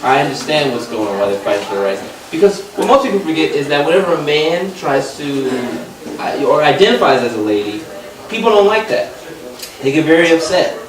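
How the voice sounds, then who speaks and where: A young male stand-up comedian working a club crowd, his voice swinging widely in pitch and pitched a bit high for a man. He sounds distant from the mic, in a very echoey room with loud laughter from the audience. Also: brisk. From Los Angeles. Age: young adult. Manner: animated, loud punchlines, drops low for asides.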